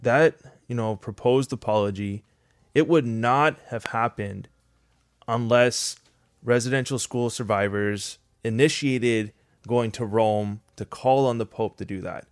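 A man from Canada, a podcast guest, explains events calmly and often checks in with the listener. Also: medium pitch, clear, resonant tone, no echo, studio quality. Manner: measured, explanatory, frequent "right?" tags. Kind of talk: podcast discussion.

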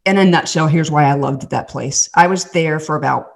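A woman's voice: sits low, a little fast, vocal fry, a loud crowd. A woman from the American South with a Southern accent, sharing a personal faith story in earnest, chatty conversation and acting out the quotes. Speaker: podcast host and guest storyteller.

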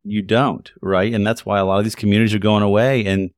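A man who hosts a podcast and works as an OB-GYN physician, talking in a measured, reflective way. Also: lowish voice, level tone, dry recording, clean studio sound. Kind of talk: casual podcast conversation.

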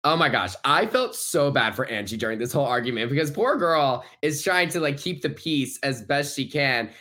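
Male podcast guest, bright sharp tone, gossipy and eager to agree. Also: mid-range voice, lively intonation, moderate pace. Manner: gossipy, agreeable, laughs often. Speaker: guest commentator. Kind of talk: casual recap chat.

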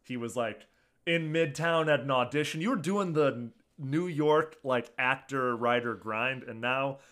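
A man hosting a casual podcast chat over a video call, easygoing and quick to laugh. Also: medium pitch, a bit bright. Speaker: podcast host.

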